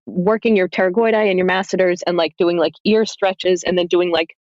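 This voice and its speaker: A woman's voice: fairly low pitch, steady tone, a little fast, no room sound, muffled recording. A woman narrator in a casual roundtable chat, talking chattily and filling her speech with "like". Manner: chatty, with frequent filler "like".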